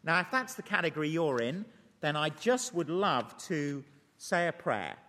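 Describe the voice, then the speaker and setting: A man's voice: a little high, big pitch swings, fairly bright tone. Earnest male preacher in a reverberant church. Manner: earnest, pleading appeals; slow, deliberate when leading prayer. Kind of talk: sermon. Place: church service. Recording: long church hall reverb.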